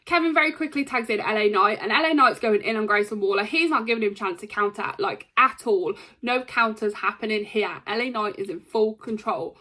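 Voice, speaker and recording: A woman giving a casual, rambling recap of a wrestling show, excitable and full of ums and likes. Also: mid-range voice, a little fast, few pauses.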